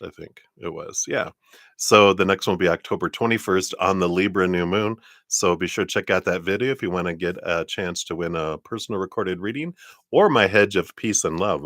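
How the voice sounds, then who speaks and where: Man, tarot stream host, casual chat, low pitch, lots of ums and laughs. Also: a bit bright, no room sound, studio quality. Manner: chatty, laughs often, many fillers.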